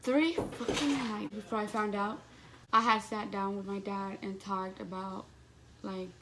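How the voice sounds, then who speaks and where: A young woman in a vlog tells a story about her own life in a loose, chatty way. Her voice sits at an ordinary middle pitch, and she swears easily and leans on "like" constantly. A steady hiss of background noise runs under the recording. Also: unhurried, poor audio. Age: young adult. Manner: casual, profane, heavy use of "like". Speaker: vlogger.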